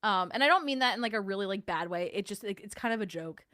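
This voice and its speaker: A woman's voice: medium pitch, animated, fast talker, sharp tone, no echo, studio quality. A young adult woman hosting a casual livestream, chatting and answering her chat in a self-deprecating way. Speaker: livestream host.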